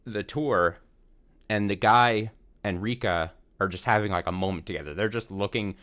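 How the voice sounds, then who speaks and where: A man with a fairly low voice talks through a game recap on stream. He rambles, restarts his sentences and swears casually as he goes. It sounds like relaxed let's-play commentary. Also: moderate pace. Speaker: streamer recapping a visual novel.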